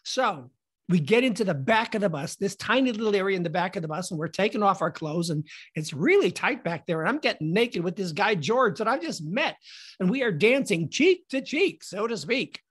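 A middle-aged man hosting a podcast, telling a funny personal story in a theatrical, animated way. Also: high-pitched, a little fast, slightly rough. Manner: animated, theatrical, acts out scenes.

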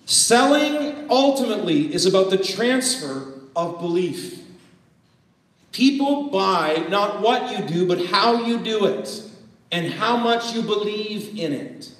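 A man from Canada giving an energetic motivational business talk to a live audience, asking questions and joking. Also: high voice, slow pace. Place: event hall with a live audience. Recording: echoey hall, voice from far off.

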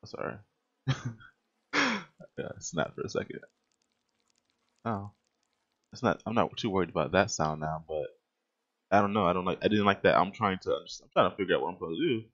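A man's voice: deep voice, brisk, pauses often, a bit bright, lo-fi sound. A young man hosting a gaming channel, rambling through his let's play commentary with sudden startled outbursts and laughter.

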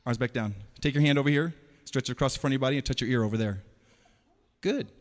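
A man performing an interactive stage show for children, playfully calling out quick commands and teasing his audience. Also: mid-range voice. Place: large hall. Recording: long hall reverb.

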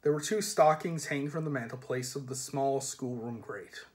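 A man reading a novel aloud in a measured storybook manner, sometimes dropping soft. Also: medium pitch. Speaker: reader.

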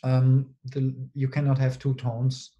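Man, academic presenter, mellow timbre, hesitant pauses, step-by-step explaining. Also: mid-range voice, completely flat delivery, lo-fi sound, slight background noise. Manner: explains step by step with frequent tag questions like "right?"; hesitant, with frequent pauses and fillers. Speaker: linguistics conference presenter.

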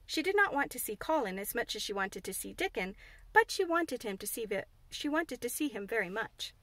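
A woman reading a classic children's novel aloud in steady, clear narration. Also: a little high, a little fast, dry recording. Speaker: audiobook reader. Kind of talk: scripted narration.

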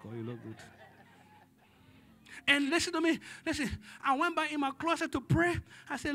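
Bright, high-voiced preaching man. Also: very animated, measured pace, pauses often. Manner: dramatic preaching, swinging from hushed to shouting; calls on the congregation for responses. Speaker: pastor. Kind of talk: sermon. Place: church service.

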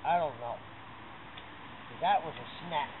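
A man's voice: a little high, slow. A man, rambling and swearing as he explains how he fixes a bike pedal, in unscripted documentary footage. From Massachusetts, USA. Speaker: documentary subject. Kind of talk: unscripted talk while fixing a bike pedal. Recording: harsh phone-like camera audio with loud background noise.

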